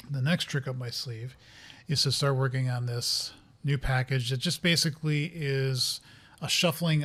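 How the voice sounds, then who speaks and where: A man talking casually to viewers as he sets up a software project, rambling, thinking aloud and getting flustered by interruptions. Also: mid-range voice. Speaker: software developer streaming a coding session. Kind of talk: casual live-coding commentary.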